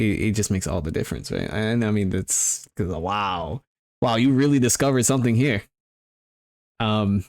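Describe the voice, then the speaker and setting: A man's voice: on the low side, darkish tone. Rambling, joking man in a casual monologue. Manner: loose, joking and profane, often trailing off into asides. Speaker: vlogger host.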